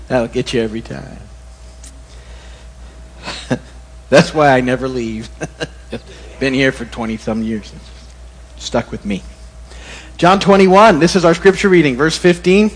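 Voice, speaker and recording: A middle-aged male pastor giving a relaxed, conversational sermon that wanders into corny jokes. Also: mid-range voice, a little slow, long pauses, breathy edge. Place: church. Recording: long reverb in a church hall.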